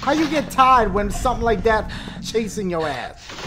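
A man doing loud, profane let's play commentary, jumping to shouts when scared. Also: high voice, expressive, normal speed, noisy background. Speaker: gaming video host.

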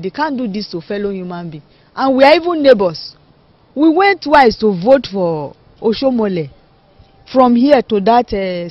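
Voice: medium pitch, no room sound. A resident giving indignant interview testimony. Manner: indignant, complaining. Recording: dull, dry lo-fi audio.

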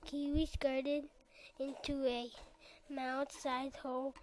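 A woman reading a class-written picture story aloud with clear expression. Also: high voice, flat delivery, slow, background noise.

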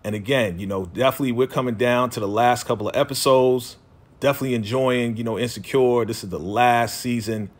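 A man's voice: mid-range voice, brisk. A man talking casually as a TV recap vlogger, loosely quoting characters in his own voice with lots of fillers. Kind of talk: casual chat.

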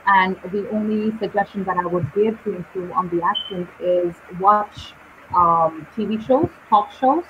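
A woman teaching English in a live online session, speaking slowly and deliberately with clear pauses between words. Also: mid-range voice, background noise. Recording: dull lo-fi live stream audio.

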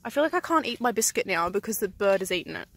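A young woman vlogging on an outdoor picnic, excitable and giggly and swearing freely. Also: mid-range voice, fast talker. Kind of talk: casual vlog chat. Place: outdoors in a rainforest picnic area. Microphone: handheld camera.

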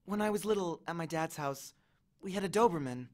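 A man's voice: fairly high pitch, expressive, a little fast, darkish tone, close to an everyday voice. A man voicing a bossy but tender teenage girl hero in an audiobook reading. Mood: wistful.

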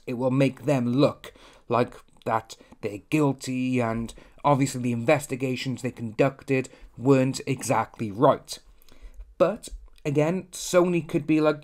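A young man delivers a casual commentary in a blunt, ranting way, slipping into mocking quotes of other people. His voice sits at an ordinary middle pitch. He talks like a channel host airing his opinions.

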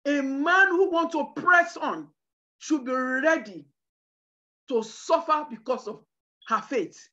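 High, bright-voiced woman preaching a sermon. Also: takes it slowly, muffled recording. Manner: emphatic preaching with shouted bursts and cries of hallelujah. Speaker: preacher at a women's conference.

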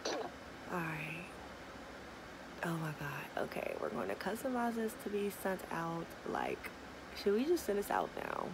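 Young woman w vlogging, slow gravelly talk, pitch jumping all over, noisy background. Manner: excitable, swings between murmured asides and squeals. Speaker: small business owner launching an online store. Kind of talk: casual vlog chat.

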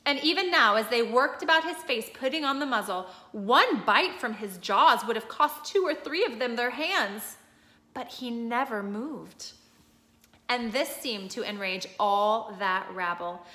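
A woman reading a storybook aloud with steady, expressive storytelling, now and then stopping to explain a picture. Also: fairly high pitch, a little slow. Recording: echoey room.

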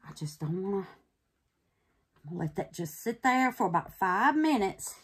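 A woman's voice: medium pitch, big pitch swings, moderate pace, husky. Chatty woman crafting on camera. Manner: affectionate and chatty, calls viewers babies and honey; drops to nervous whispers while unmolding. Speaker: resin craft channel host. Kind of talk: casual crafting vlog.

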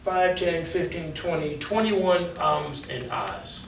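This New Yorker teaching public speaking has a high-ish voice with vocal fry and takes his time. He gives his class candid, conversational feedback, parroting their filler words to correct them, recorded from afar in an echoey room with faint hiss or hum.

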